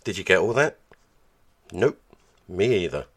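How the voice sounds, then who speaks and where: Guy narrating, sardonic n dry, lowish voice. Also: very animated, a little slow. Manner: dry, mocking. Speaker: documentary narrator.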